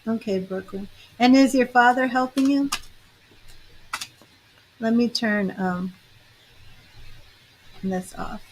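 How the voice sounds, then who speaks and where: A woman's voice: fairly high pitch, slow, pauses often, slight background noise, low-quality recording. A woman tarot reader and psychic medium chatting on a livestream, laughing often and greeting viewers by name. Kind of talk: casual livestream chat.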